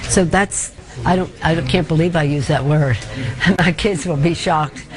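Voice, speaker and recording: Older lady politician, low voice, chatty press remarks. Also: a little slow, rough recording.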